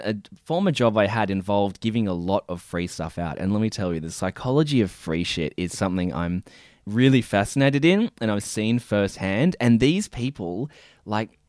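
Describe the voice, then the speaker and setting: A young man tells stories on a podcast in a lively, swooping voice, jumping into other people's voices as he goes. The sound is dry and close to the mic. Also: fairly low pitch, dry recording. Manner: animated storytelling, acting out people. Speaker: podcast co-host. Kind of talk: casual chat.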